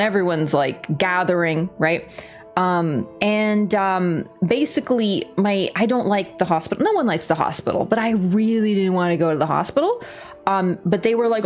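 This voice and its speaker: A woman's voice: mid-range voice, moderate pace, faint music behind. A woman streamer casually telling a story during a game livestream, laughing and swearing freely. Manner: lively, laughing, swears casually, acts out voices. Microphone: webcam setup.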